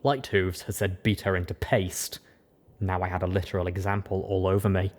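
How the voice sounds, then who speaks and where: Male audiobook narrator, lowish register, measured first-person reading. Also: little pitch movement.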